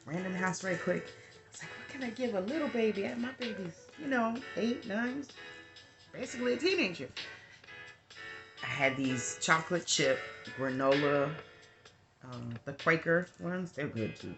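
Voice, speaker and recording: A woman's voice: on the low side, animated, measured pace, pauses often. A woman giving a casual spiritual message as a healer and advisor, chatty and meandering with lots of asides. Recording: guitar music playing clearly behind. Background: guitar music.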